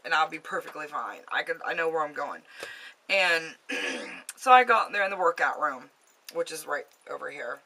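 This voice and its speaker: This ghost-story vlogger has a lowish, sharp voice. She spins her tale for the camera from her basement at home, casual and meandering, with lots of filler words.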